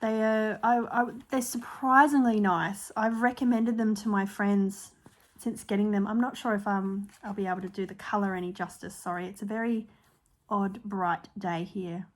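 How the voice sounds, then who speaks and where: A woman's voice: medium pitch, fairly even intonation, normal speed. An Australian woman chatting casually on her own stitching channel, showing her projects with frequent ums and small apologies. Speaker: cross-stitch vlogger. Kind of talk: casual show-and-tell chat.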